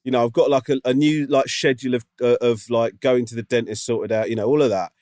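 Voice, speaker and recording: A man's voice: medium pitch, fairly even intonation, quick pace, a little mellow, no echo, studio quality. A man co-hosting a podcast, chatting casually and telling a rambling story full of fillers. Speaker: podcast co-host. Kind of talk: casual chat.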